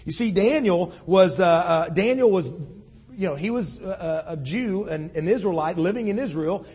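Male pastor, high husky voice, chatty preaching style full of restarts, long hall echo. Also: animated, normal speed, a little mellow, soft background music. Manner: conversational, many restarts and "you know". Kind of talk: sermon.

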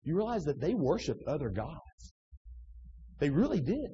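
A man's voice: a little high, big pitch swings, moderate pace, mellow, husky, dull audio. A man preaching a sermon in a loose, conversational way, reading scripture and then talking it over with many restarts and asides. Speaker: pastor. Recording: distant in a reverberant hall.

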